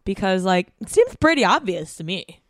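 A woman co-hosting a podcast, talking in a measured, reflective way with lots of "like". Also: mid-range voice, sing-song, no echo, clean studio sound. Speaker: podcast co-host. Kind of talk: casual podcast chat.

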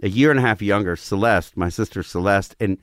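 A man in his forties telling a wild family story in casual chat, swearing freely and acting out what people said, breaking into loud laughs. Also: lowish voice, fairly quick, no room sound, studio quality. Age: 40s.

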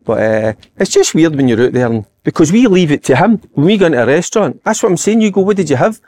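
A middle-aged Scottish man chatting casually about football as a podcast co-host, telling stories in a lively, proud way. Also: a little high, fast.

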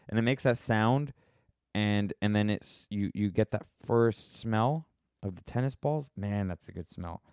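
A man's voice: mid-range voice, darkish tone, no echo, clean studio sound. An American man hosting a casual solo podcast, rambling and wry as he stops and restarts his thoughts while answering listener questions. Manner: rambling, self-interrupting, wry.

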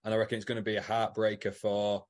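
A man's voice: fairly low pitch, completely flat delivery, fast talker. A man co-hosting a podcast, chatting casually with teasing jokes. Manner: teasing, joking banter. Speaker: podcast co-host. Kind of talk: casual chat.

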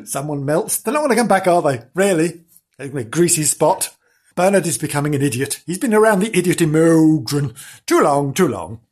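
A man narrates a parody children's story with a bouncy, sing-song delivery, swinging up and down in pitch. His voice is husky, and he keeps breaking off into rambling asides. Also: fairly quick. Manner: over-excited, giggly, rambling. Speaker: storyteller host.

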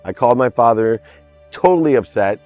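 A man's voice: medium pitch, lively intonation, a little fast, darkish tone, faint music behind. A man in his fifties, a podcast guest, telling a personal story in an emphatic, heartfelt way. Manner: emphatic, heartfelt storyteller who stresses key words. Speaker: interview guest.

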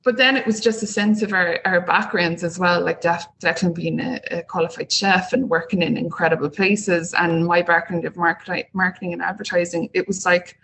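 A woman's voice: on the low side, normal speed, gravelly, few pauses, a little hiss or hum, low-quality recording. A woman, a guest on an interview podcast, talking casually and acting out the voices she quotes. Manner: animated storytelling, acts out quoted voices. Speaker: guest, small business owner.

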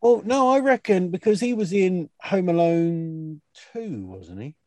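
A man's voice: high voice, lively intonation, unhurried, darkish tone, dry recording. A man playing along in a casual quiz and thinking his answers through aloud. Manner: musing, easygoing, thinks aloud. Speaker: quiz contestant. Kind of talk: casual podcast quiz banter.

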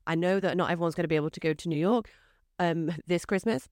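A woman's voice: on the low side, quick pace, a little mellow, no echo, clean studio sound. A woman, a guest on her husband's podcast, telling stories in casual chat full of fillers. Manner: rambling, filler-heavy storytelling. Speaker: podcast guest, host's wife. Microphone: studio microphone.

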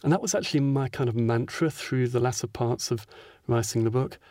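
A man's voice: medium pitch, a little fast, dark tone, dry recording, clean studio sound. A man, an author interviewed as a guest, talking thoughtfully with many hesitations. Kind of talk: podcast interview.

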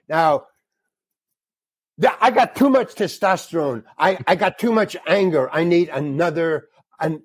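A man playing a blunt, commanding film director with a raised, pushy pitch and a dry, close sound. He barks short, rapid-fire demands and brushes off any argument. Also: no room sound. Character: brusque bossy male film director.

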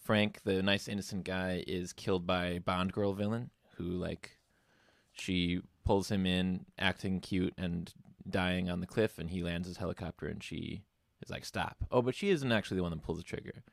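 A man with a lowish voice chats casually on a podcast, walking through a movie's plot. He slips into the characters' lines as he tells it. The recording is dry, with no room sound. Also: steady tone, normal speed, creaky, dry recording. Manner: retells the plot, acting out quoted lines. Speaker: podcast co-host. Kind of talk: casual movie recap chat.

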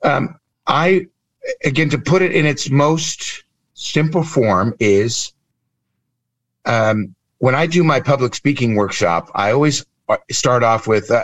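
A man's voice: medium pitch, expressive, slow, dry recording. A man in his fifties from California, telling stories animatedly with acted-out quotes as a guest on a video call interview. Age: 50s. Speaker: guest, improv trainer and speaker. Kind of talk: emotional interview talk.

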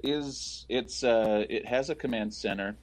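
A man speaking as a guest filmmaker on a podcast, relaxed and explaining behind-the-scenes details in casual film commentary. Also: mid-range voice, unhurried.

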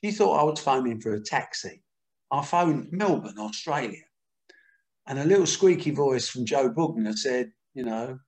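A man's voice: medium pitch, expressive, moderate pace, echoey room. Older male guest, candid storyteller, plain mid-range voice. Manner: candid, earthy, acts out quotes. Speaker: boxing promoter. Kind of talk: anecdotal interview storytelling.

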